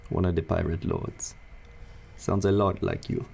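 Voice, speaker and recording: A man serving as game master, narrating a tabletop game and voicing its characters in a measured, deliberate way. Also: deep voice, flat delivery, creaky, a little mellow, a little hiss or hum.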